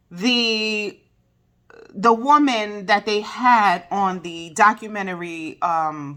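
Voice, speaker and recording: Blunt, digressive woman with a lowish voice. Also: a bit bright. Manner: candid, profane, digressive. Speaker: video reviewer. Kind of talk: casual commentary vlog.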